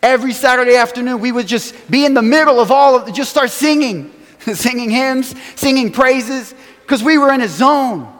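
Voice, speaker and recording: High-voiced man preaching in an echoing hall. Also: moderate pace. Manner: animated storytelling with acted quotes, chuckles. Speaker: pastor. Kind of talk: sermon storytelling. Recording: long hall reverb.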